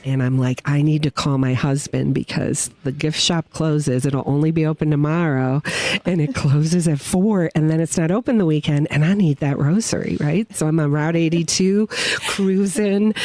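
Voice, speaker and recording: A woman guest on a podcast, telling a personal story with feeling and acting out what people said. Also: sits low. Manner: animated, emotional storyteller who acts out quotes. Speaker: guest witness. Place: winery.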